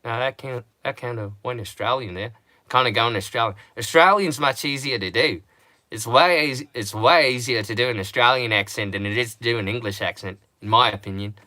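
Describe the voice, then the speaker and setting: A man's voice: mid-range voice, steady tone, normal speed, hardly any pauses, bright, forceful tone, no echo, voice pushed down, lightly acted. A man putting on an Australian accent while rambling on a live stream. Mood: amused.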